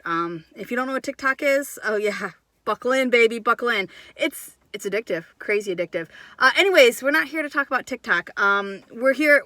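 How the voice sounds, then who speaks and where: Chatty homestead mom vlogging, bright voice, dry close sound, keeps going off on tangents. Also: female voice, a little high, no echo. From Wisconsin. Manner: chatty, rambling, self-interrupting. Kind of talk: casual storytelling vlog.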